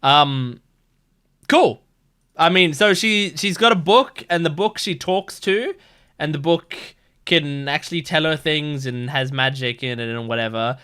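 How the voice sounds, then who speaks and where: A man hosting a reaction video, chatting casually with lots of fillers and rambling excitement. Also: fairly high pitch, measured pace, smooth. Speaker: reaction channel host.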